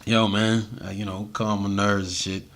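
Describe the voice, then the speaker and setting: A man with a deep voice, a music artist telling stories in a casual interview, laid-back and full of slang and fillers. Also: flat delivery, moderate pace, a bit bright, slight background noise. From USA. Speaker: interview guest, reggae and hip-hop artist.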